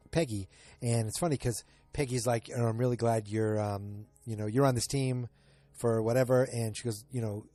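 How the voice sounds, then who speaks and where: Rambling man recapping, mellow dry voice. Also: medium pitch, no room sound. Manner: rambling, many fillers and restarts. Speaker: podcast host. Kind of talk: casual episode recap.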